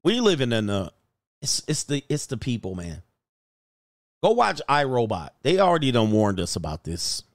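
A man's voice: medium pitch, huge pitch swings, moderate pace, no echo. Joking man host with a dry sound. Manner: joking, laughs often, slangy. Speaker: show host. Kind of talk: casual livestream chat reading viewer comments.

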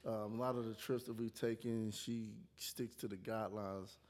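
A man's voice: lowish voice, little pitch movement, moderate pace, darkish tone. A man co-hosting a podcast in casual chat, laid-back and understated. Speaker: podcast co-host, barber. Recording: roomy reverb.

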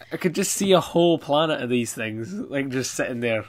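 A man's voice: medium pitch, lively intonation, normal speed. A man chatting casually about a comic, laughing often and thinking aloud as he goes. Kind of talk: casual podcast chat.

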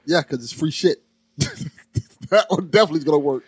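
A man who laughs easily and reacts quickly while guesting on a casual podcast. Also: on the high side, slightly rough, no room sound.

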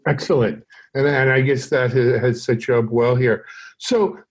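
A man's voice: medium pitch, steady tone, moderate pace, slightly rough. A man hosting an interview podcast, asking upbeat questions with a few restarts. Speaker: podcast host.

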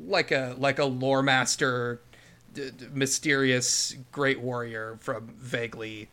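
Bright-voiced young man chatting. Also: mid-range voice, fairly even intonation, takes it slowly. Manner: laughing, many restarts. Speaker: podcast co-host. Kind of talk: casual chat.

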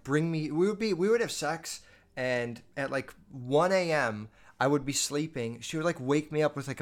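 A young man in his twenties hosting a podcast, telling stories in a loose, rambling way with lots of swearing and filler words. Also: fairly high pitch. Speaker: podcast host. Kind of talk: casual storytelling monologue.

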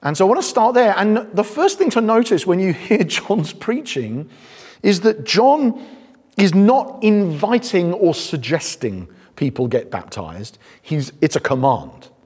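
A British man preaching to a congregation, his slightly husky voice rising and falling with animated swings of pitch. He mixes dry, self-deprecating humour with firm emphasis. The sound carries a long reverb from the hall. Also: a little slow. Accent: British English. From Britain. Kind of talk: sermon.

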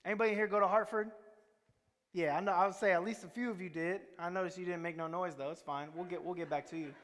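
A man's voice: high-pitched, steady tone, fast, fairly bright tone. A man preaching a sermon, telling stories in a conversational way and quizzing the congregation. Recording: reverberant hall.

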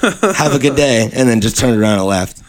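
A man's voice: mid-range voice, big pitch swings, normal speed. A young man hosting a casual chat show, telling an anecdote in a laid-back way and mimicking the people in it. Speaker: podcast host.

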